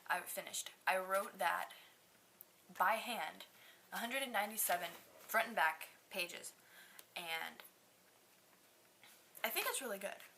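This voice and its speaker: A woman's voice: medium pitch, measured pace, gravelly, pauses often, pushed and bright, slight background noise. A nineteen-year-old woman in casual vlog talk, chatty and rambling, poking fun at herself. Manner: chatty and rambling, self-mocking. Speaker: vlogger.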